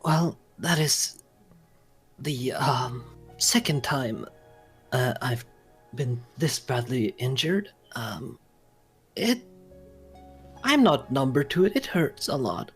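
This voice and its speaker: A man's voice: mid-range voice, lively intonation, fairly bright tone, faint music behind. A man playing a timid, injured shut-in woman. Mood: pained. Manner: halting, pained, drawn-out. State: in pain.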